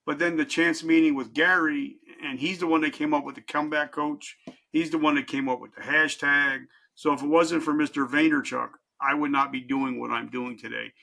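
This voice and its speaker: Middle-aged male guest, gravelly and slightly high-pitched, candid and intense storyteller. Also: steady tone, moderate pace. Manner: candid, intense, swings from loud to hushed. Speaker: podcast guest, life coach. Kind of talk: emotional personal storytelling.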